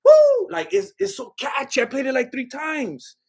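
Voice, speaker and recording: A man with a high voice for a man chats loosely on a live stream. He rambles, jokes and restarts his sentences as he reacts to chat. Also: lively intonation, normal speed, gravelly, a bit bright. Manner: rambling and joking, with lots of "like" and restarts; loose, chatty, breaks into bits of song.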